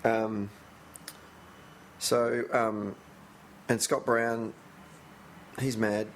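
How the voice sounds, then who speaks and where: A man's voice: lowish voice, flat delivery, drawn-out words, slight background noise. A man, co-hosting a loose, laughing football podcast chat and steering it with questions. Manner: loose, laughing, swearing banter, asks the questions. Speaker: podcast co-host. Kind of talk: casual chat.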